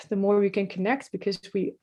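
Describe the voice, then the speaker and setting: A woman's voice: mid-range voice, little pitch movement, normal speed, dark tone, highs cut off. A middle-aged woman with a Dutch accent, speaking as a podcast guest in a reflective, hesitant way with many fillers. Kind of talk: podcast interview.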